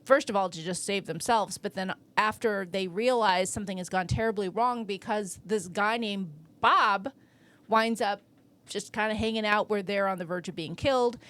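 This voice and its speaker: A woman co-hosting a movie podcast, talking casually in quick, chatty bursts. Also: medium pitch, fairly bright tone. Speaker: podcast co-host.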